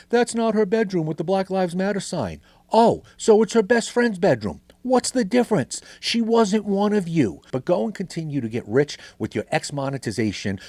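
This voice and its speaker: A man's voice: mid-range voice, a little mellow, husky, dry recording. A middle-aged man hosting a podcast, delivering an angry, sarcastic, swearing political rant. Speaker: podcast host.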